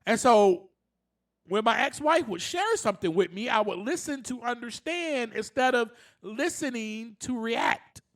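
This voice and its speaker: A man hosts a solo self-help podcast, speaking earnestly, laughing often and rising into passionate emphasis. His voice is very high and animated, and he doesn't hurry.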